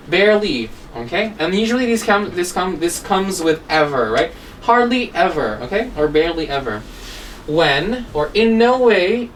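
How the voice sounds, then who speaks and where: A woman teaching an English grammar lesson, explaining step by step and checking in with "okay?" and "right?" after nearly every phrase. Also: lowish voice. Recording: distant mic with faint room noise.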